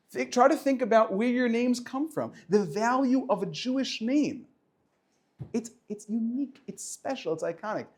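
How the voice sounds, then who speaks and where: Man, high-pitched voice, middle-aged rabbi, informal talk to students, lively and joking. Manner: animated, joking asides, many restarts. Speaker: yeshiva high school rabbi.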